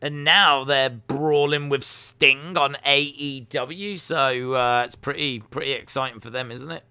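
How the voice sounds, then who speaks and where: A man's voice: medium pitch, fairly even intonation, a little slow, pushed and bright, smooth. A man hosting a live stream, reacting to wrestling in casual commentary, joking and answering chat messages. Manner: jokey, reads out and answers chat.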